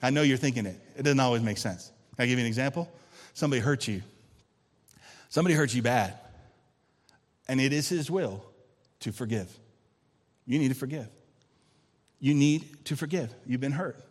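A man's voice: medium pitch, animated, brisk, pauses often. Preaching man in a reverberant hall. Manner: preaching with rising and falling intensity, calling for amens. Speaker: pastor. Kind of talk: sermon. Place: church sanctuary.

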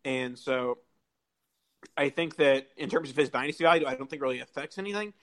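A man's voice: mid-range voice, brisk, fairly bright tone, rough recording. A man talking as a panelist on a casual sports podcast, restarting his sentences as he thinks aloud.

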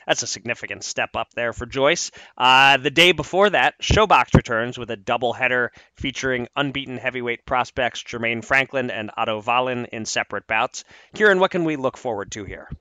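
A man hosts, reading out fight news in a brisk way and ribbing his co-host between items. His tone is bright and crisp, in a dry space. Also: medium pitch, dry recording. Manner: brisk, reads announcements, teasing. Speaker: podcast host. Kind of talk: news segment and chat.

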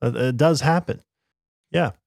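A man's voice: medium pitch, measured pace, creaky, a little mellow, dry recording, clean studio sound. A man co-hosting a podcast, giving sarcastic, opinionated commentary in casual chat. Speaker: podcast co-host.

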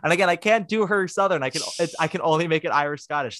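A man co-hosting a podcast in casual chat, animated and profane, acting out quotes in put-on voices. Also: fairly high pitch, fast, no echo, studio quality. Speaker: podcast co-host.

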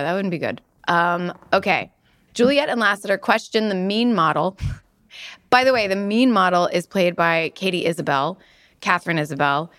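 A woman's voice: mid-range voice, fairly bright tone, no room sound. A woman co-hosting a podcast, chatting casually and giggling as she recaps episodes. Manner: giggly, recaps plot briskly. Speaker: podcast co-host. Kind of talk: casual rewatch podcast chat.

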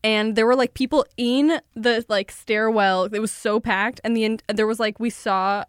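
A woman's voice: fairly high pitch, fairly even intonation, normal speed, smooth, no room sound, studio quality. A woman chatting on a panel, laughing often and telling stories against herself. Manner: giggly, self-deprecating storyteller. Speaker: guest panelist. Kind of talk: casual group chat.

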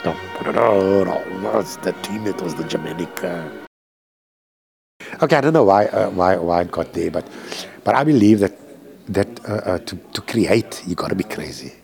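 A man's voice: low voice, lively intonation, normal speed, creaky, darkish tone, soft background music. A man, a composer, talking candidly and emotionally in a rambling, profane way from a hospital room.

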